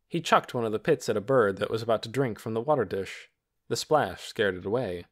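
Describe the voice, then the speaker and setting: A man reading an audiobook in calm, measured scripted narration. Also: lowish voice.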